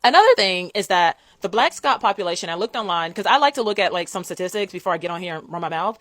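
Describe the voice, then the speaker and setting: A woman's voice: on the low side, expressive, fast, fairly bright tone, no room sound. A woman from the United States talking casually to camera as a vlogger, chatty and direct, with a lot of "like" and "um" fillers. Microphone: phone.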